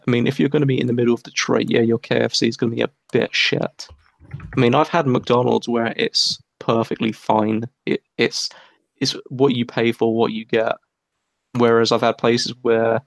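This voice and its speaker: A man with an English accent jokes crudely and sarcastically as he co-hosts a livestream. His voice is gravelly and sits in a dry, close sound. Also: medium pitch, no room sound. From England. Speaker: livestream co-host. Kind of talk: casual chat.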